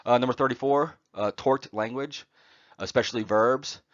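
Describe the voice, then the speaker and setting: A man's voice: mid-range voice, moderate pace, a bit bright, no echo. A man lecturing a college class on poetry, with many "uh" fillers and a habit of asking "right?". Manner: frequent "uh" fillers and tag "right?". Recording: dull, dry lo-fi recording.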